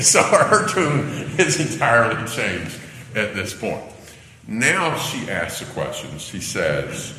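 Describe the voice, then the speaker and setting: Deep-voiced man preaching in an echoey hall. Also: very animated, takes it slowly, bright, forceful tone. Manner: conversational asides with light laughter. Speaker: Bible teacher. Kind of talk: expository sermon reading and explaining scripture. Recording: echoey hall with faint ambience.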